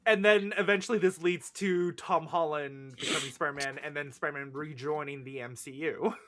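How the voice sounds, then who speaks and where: A young man co-hosting a casual fan podcast, animated and quick to react, with the odd swear. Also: fairly high pitch, a little hiss or hum. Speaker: podcast co-host.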